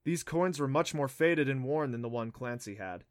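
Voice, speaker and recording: A man's voice: medium pitch, animated, normal speed, no echo, clean studio sound. Man narrating a children's novel. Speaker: audiobook narrator. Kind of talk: scripted narration.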